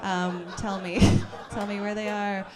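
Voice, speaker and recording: A woman's voice: medium pitch, flat delivery, unhurried, soft background music. Giggly, rambling woman doing stand-up. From Calgary, Canada. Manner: self-deprecating, rambling, full of fillers and giggles. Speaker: stand-up comic. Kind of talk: stand-up comedy set. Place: house party basement.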